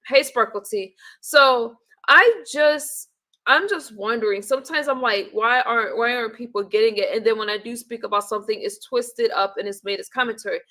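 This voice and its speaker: A woman's voice: fairly high pitch, moderate pace, sharp tone. A woman on a casual live-stream check-in, chatty and emotional, greeting viewers by name and often trailing off and restarting. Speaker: livestreamer.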